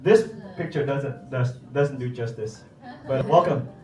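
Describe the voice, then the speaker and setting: A man's voice: mid-range voice, measured pace, dark tone. A man making a playful, laughing introduction of a guest speaker. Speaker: event host introducing a guest. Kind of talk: casual introduction. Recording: echoey room, distant mic, faint music.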